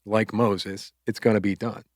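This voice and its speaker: A man co-hosting a faith podcast, casually retelling a Bible story in loose, chatty speech, with quick asides and quoted lines. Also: lowish voice, flat delivery, dry recording, clean studio sound. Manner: loose, conversational, acts out quotes with filler words. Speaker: podcast co-host.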